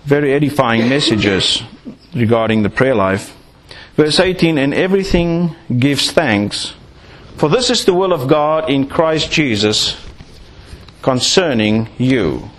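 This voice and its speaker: A man preaching a sermon, acting out little scenes to make his points. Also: mid-range voice. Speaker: pastor.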